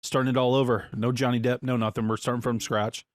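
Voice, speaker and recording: A man's voice: mid-range voice, flat delivery, fast talker, dry recording, clean studio sound. Laid-back rambling man on a podcast. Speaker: podcast co-host. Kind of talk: casual chat.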